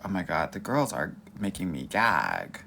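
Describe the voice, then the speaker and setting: A man's voice: low-pitched, wildly swooping pitch, measured pace, vocal fry, pushed and bright, a little hiss or hum. Sassy campy man hosting a live Q&A. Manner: sassy, campy, calls viewers girl and honey; self-described Valley Girl way of talking. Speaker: dating coach. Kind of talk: live-stream Q&A chat. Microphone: phone or webcam mic for a live stream.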